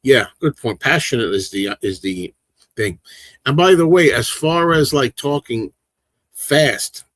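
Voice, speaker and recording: A man in his sixties hosts a casual livestream, talking quickly and passionately, often restarting his sentences. His voice sits at an ordinary middle pitch. The sound is dry and close, with no room echo. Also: a bit bright. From big city in the northeastern US. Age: 60s. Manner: fast, passionate, rambling talk with many restarts. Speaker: livestream host. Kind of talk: casual chat with live chat.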